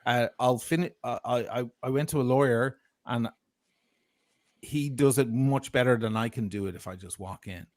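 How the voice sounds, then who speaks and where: A man's voice: mid-range voice, moderate pace, darkish tone, dry recording, clean studio sound. A man telling a heated, profane story of grievance as a guest on a livestream. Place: lives in Italy.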